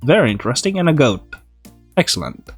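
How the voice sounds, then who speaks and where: A man's voice: medium pitch, huge pitch swings, a little fast, vocal fry, husky, faint music behind. A man hosting a let's play, reading a visual novel's text aloud and joking about what happens. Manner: playful, reacting and joking between read lines.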